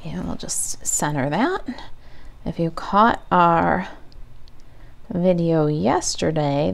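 A woman's voice: fairly low pitch, creaky, a little mellow, a little hiss or hum. A woman demonstrating a craft project step by step, chatting and thinking aloud as she works at a home craft table.

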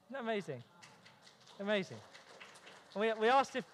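High-voiced pastor, echoing church. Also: male voice, very animated, moderate pace, a bit bright, slight background noise. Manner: earnest, with humorous family stories. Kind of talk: sermon. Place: church sanctuary. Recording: long reverb of a church hall.

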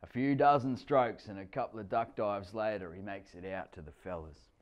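A man reads a story aloud in a wry, expressive way. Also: on the low side, moderate pace, dull audio. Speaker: narrator. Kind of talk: storytelling reading.

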